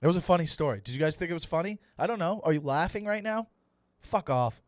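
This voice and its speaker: Animated, profane man ranting on a podcast. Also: on the high side, rapid-fire, dry recording, clean studio sound. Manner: animated, profane, rants with acted-out dialogue. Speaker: comedian host. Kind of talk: comedic podcast monologue.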